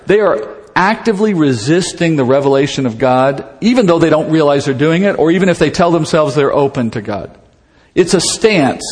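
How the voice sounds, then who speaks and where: A man teaching through a Bible passage in a conversational, animated way, acting out the dialogue with humor. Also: fairly high pitch, in a large hall.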